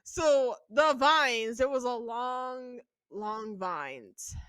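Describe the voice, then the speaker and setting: A woman's voice: a little high, lively intonation, very slow, fairly bright tone, no echo. A woman podcast co-host improvising a comedic role-play, giggly and profane, often breaking into laughter.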